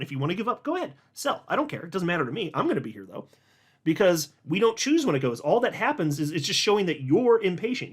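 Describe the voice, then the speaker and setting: A man's voice: on the high side, slightly rough. Blunt, casual male market commentator. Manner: blunt, emphatic, conversational, with frequent uh fillers. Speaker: host of a crypto market channel. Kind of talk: casual market commentary, reading posts aloud.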